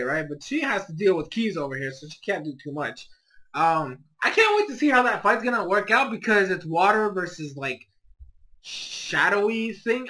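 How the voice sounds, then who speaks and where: A man giving a casual, profane anime episode review, excitable and swinging loud and high when exasperated. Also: rough recording. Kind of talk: casual solo review rant.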